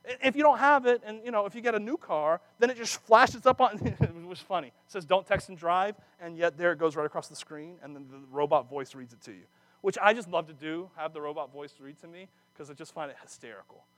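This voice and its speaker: A man giving a sermon, animated and chatty, often breaking off mid-phrase to start again and slipping in jokey asides. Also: sits high, fairly quick, no echo. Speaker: preacher. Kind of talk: sermon with personal stories.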